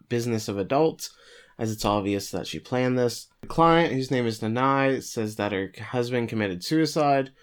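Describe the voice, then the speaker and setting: A man co-hosting a podcast, giving a steady plot summary of an anime episode with occasional fillers. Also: fairly low pitch. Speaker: podcast co-host recapping an anime. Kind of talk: casual episode recap.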